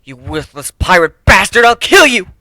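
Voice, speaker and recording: A man's voice: high-pitched, very animated, moderate pace, sharp tone, dry recording, voice pushed up, full character voice, low-quality recording. A man voicing a fierce young cat-woman tribal warrior who speaks in a proud, accusing, formal way. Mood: furious.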